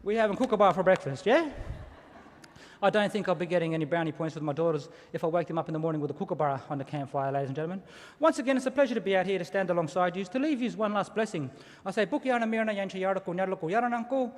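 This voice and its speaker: Lively high-voiced Australian man in a hall. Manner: lively, engaging, asks the audience to repeat words. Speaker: Aboriginal elder giving a welcome to country. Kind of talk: ceremonial welcome speech with storytelling. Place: large ceremony hall. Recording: long hall reverb.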